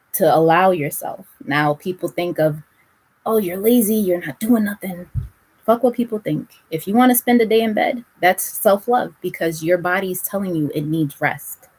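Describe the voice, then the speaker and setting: A woman's voice: low-pitched, slightly rough. A woman giving a casual spiritual reading to her viewers, blunt and direct, swearing freely as she hands out advice. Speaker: tarot reader.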